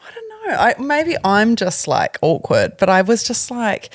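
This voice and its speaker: A woman's voice: fairly high pitch, huge pitch swings, a little slow, hardly any pauses, no room sound, studio quality. A woman, co-hosting a podcast and telling a family story in a frank, laughing way. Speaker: podcast co-host. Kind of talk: casual chat.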